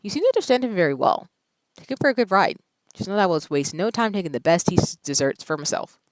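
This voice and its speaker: A woman reading the lines of a sly young nobleman in a visual novel, soft and measured. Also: lowish voice, big pitch swings, no room sound.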